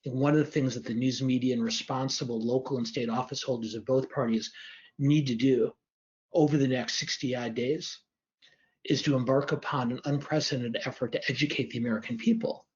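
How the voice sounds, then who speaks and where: A man, a politics professor, giving measured analysis and answering audience questions on a livestream, hedging carefully and restarting phrases. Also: mid-range voice, steady tone, darkish tone. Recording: dull lo-fi stream audio.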